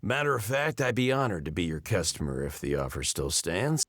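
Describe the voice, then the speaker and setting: A deep, husky, sardonic investigator. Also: male voice, very animated, fairly quick, fairly bright tone, no room sound, full character voice. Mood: wry. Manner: dry, sardonic. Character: weary sardonic man investigator. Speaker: game narrator and protagonist. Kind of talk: scripted game narration.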